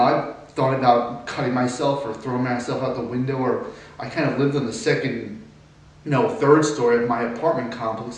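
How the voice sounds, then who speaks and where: A young man, an acting student, tells a personal monologue, at times quiet, at times agitated and swearing. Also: medium pitch. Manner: emotional storytelling, swings from quiet to agitated. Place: classroom or studio. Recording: distant mic in very echoey room.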